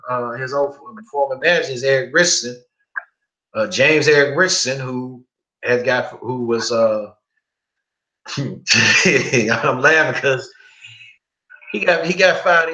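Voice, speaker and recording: A young man hosting a podcast, telling profane, animated stories full of quoted back-and-forth. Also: mid-range voice, reverberant, poor audio. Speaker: podcast host. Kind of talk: casual podcast storytelling.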